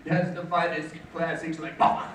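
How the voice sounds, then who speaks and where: A man's voice: a little high, flat delivery, normal speed, a bit bright, slight background noise, close to an everyday voice. A man putting on a prim, formal voice to play a pompous college man, in an echoey hall recorded from a distance. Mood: haughty.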